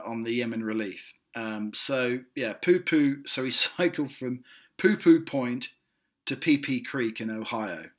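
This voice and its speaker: A British man hosts a comedy podcast in the United States, speaking at medium pitch with a sharp tone. His comic chat rambles and he sounds amused with himself, with many fillers and restarts.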